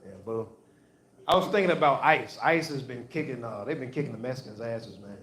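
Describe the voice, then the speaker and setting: A man's voice: mid-range voice, fairly quick, fairly bright tone, slight background noise. A man doing a stand-up routine on a comedy club stage, telling loose, profane stories and repeating his lines. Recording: echoey live venue.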